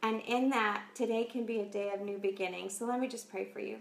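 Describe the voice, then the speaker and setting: Gravelly-voiced woman giving a devotional talk. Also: mid-range voice, fairly even intonation, fairly quick, hardly any pauses. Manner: encouraging, earnest, storytelling. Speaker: host of faith talk show. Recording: echoey room.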